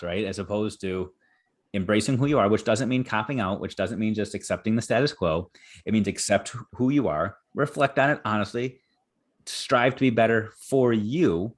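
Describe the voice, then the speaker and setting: A man hosting a podcast, talking in an earnest, encouraging and animated way. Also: fairly low pitch. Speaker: podcast host. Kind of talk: conversational podcast interview.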